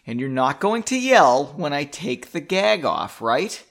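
A man's voice: fairly high pitch, very animated, unhurried, vocal fry, fairly bright tone, heavily acted. A man reading as a cool, commanding young woman. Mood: firm. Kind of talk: reading his own story aloud.

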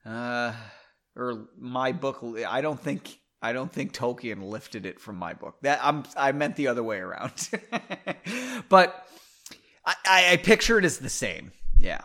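A man's voice: mid-range voice, lively intonation, a little slow, pushed and bright. A man reading his own novel aloud, stopping for rambling, self-deprecating asides. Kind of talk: audiobook reading with casual asides.

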